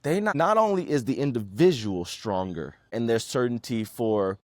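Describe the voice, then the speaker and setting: A man hosts his own podcast alone, talking through ideas earnestly. His voice sits in a middle pitch, and he moves between storytelling and reflective musing. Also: lively intonation, moderate pace, darkish tone, dry recording, studio quality. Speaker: podcast host. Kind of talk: solo podcast commentary.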